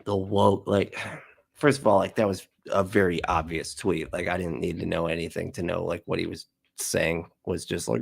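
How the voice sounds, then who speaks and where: Man, gravelly voice, slightly low, sarcastic, profane, casual commentary host. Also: flat delivery, moderate pace. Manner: sarcastic, profane, laughs often.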